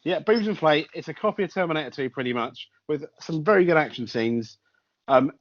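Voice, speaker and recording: Lively joking male podcast co-host. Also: fairly high pitch, fairly quick, dull audio. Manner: animated, jokey, crude. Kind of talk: casual film review chat.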